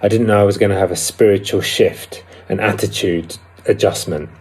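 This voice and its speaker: A man giving a candid, reflective personal talk about a twelve-step recovery program, pausing now and then to find his words. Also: lowish voice, fairly even intonation, a little mellow, breathy edge. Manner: candid and reflective, with some hesitations. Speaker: recovery vlogger.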